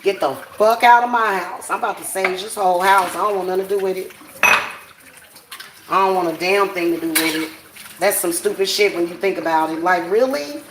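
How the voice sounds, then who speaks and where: Woman, profane, blunt vlog rant, middle pitch, roomy echo. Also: normal speed, noisy background. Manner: blunt, profane, laughing, talks straight to viewers. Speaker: spiritual practitioner vlogger. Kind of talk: casual ranting vlog. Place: at home.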